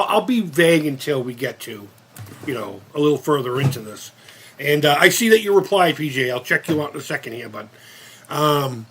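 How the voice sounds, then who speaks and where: A man's voice: fairly high pitch, a bit bright, breathy edge. A man of fifty hosting a casual live-stream chat, rambling and cursing with many restarts. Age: 50s. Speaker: channel host.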